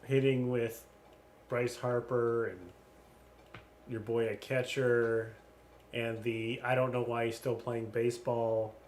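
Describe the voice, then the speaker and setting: A man co-hosting a casual chat, rambling and animated when he tells an anecdote. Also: mid-range voice, takes it slowly, a little hiss or hum. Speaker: podcast co-host.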